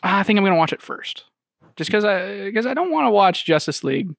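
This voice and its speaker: Higher-voiced young man rambling as podcast host. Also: very animated, fairly quick, creaky, no echo, studio quality. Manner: rambling, with frequent restarts and chuckles. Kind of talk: casual chat.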